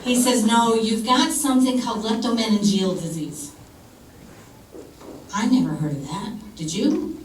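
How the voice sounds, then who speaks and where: A woman performing a stand-up comedy set, telling a personal story in a blunt, conversational way with dark humor and the occasional swear word. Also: fairly high pitch, unhurried, pauses often. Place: comedy club stage. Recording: roomy club sound from far off with audience noise.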